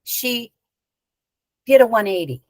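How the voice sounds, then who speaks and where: A woman guest in an interview, telling a personal story in a lively conversational way with casual asides. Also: a little high, slow, no echo. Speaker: spiritual teacher and guest.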